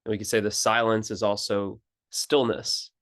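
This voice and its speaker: A man as a spiritual teacher, calmly explaining in an unhurried contemplative talk, pausing and restarting phrases. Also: on the low side.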